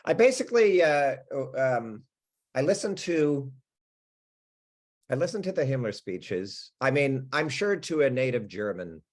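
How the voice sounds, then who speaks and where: Animated American actor, lively chat. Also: male voice, medium pitch, a little slow. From United States. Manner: animated, chatty, frequent restarts and laughs. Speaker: actor guest. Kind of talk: casual interview chat.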